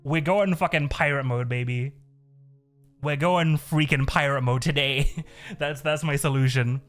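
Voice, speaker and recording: A man's voice: a little high, fairly even intonation, measured pace, fairly bright tone. A man streaming live, chatting casually in a rambling way, swearing a lot and laughing often. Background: faint looping background music.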